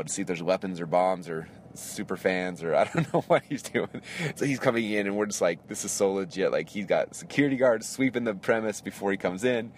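A man with a fairly low voice tells a story at a rapid clip, like a podcast host. He acts out his own excited reactions along the way. There is clear background noise from traffic or the street. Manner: excitable, animated retelling with quoted reactions and laughs. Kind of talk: casual storytelling monologue.

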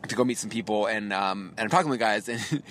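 A man in his thirties, a podcast host, telling a story in a chatty, lively way with quick asides and small laughs, recorded in a car while driving. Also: fairly low pitch. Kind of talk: casual storytelling monologue. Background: faint vehicle noise.

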